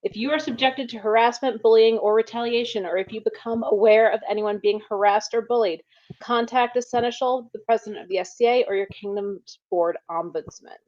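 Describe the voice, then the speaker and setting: Woman, moderator, formal brisk reading, highish voice, dull video-call sound. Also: fairly even intonation, darkish tone. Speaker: event moderator. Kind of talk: reading a conduct notice, then handing over. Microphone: computer mic on a video call.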